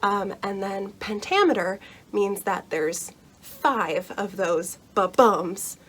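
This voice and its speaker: A young woman casually explaining how to read Shakespeare in a chatty, reassuring way, full of fillers and little laughs. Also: mid-range voice. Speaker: book vlogger explaining Shakespeare.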